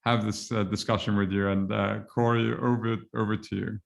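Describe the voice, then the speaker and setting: A man's voice: fairly low pitch, flat delivery, moderate pace, creaky. A man moderating a panel conversation, hesitant, with many fillers and restarts.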